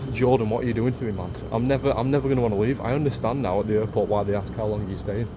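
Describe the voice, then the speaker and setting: In this casual travel vlog, a Yorkshire-accented man from Leeds rattles off his words rapid-fire, gushing at a handheld camera and repeating himself. His pitch is on the low side, and the recording has background noise.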